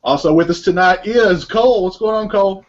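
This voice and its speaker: High-voiced man moderating a group commentary. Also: fairly quick, muffled recording, a little hiss or hum. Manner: laughs often, introduces each guest.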